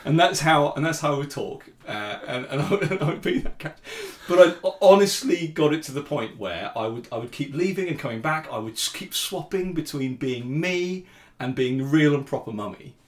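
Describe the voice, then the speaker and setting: A man tells a funny family anecdote in a lively, fairly high voice that swings widely in pitch. He stammers and restarts as he goes. The room gives the voice a roomy echo. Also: fairly quick. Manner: animated, stammering repeats, laughs often. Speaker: father, podcast guest. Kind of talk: casual anecdote.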